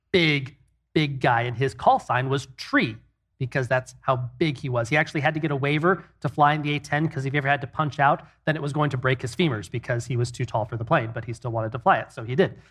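A middle-aged man with a mid-range, slightly bright voice co-hosts a faith-based talk on marriage. Earnest and plainspoken, he tells stories to make his point.

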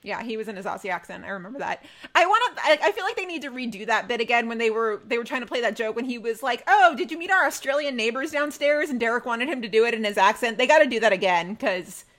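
A woman's voice: on the high side, expressive, fast talker, a bit bright. Chatty, gushing young woman co-host. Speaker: podcast co-host. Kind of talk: casual fan podcast chat.

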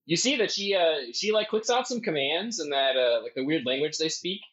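A man narrating as game master, halting with many ums and uhs. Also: fairly high pitch, animated, fairly bright tone. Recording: dull lo-fi audio.

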